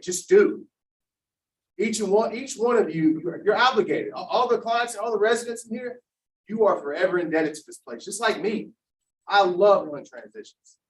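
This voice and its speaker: Choked-up guy giving an award speech, kinda high voice, echoey hall from far off. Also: a little hiss or hum. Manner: halting, overcome, casual slang. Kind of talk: emotional acceptance speech. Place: large hall.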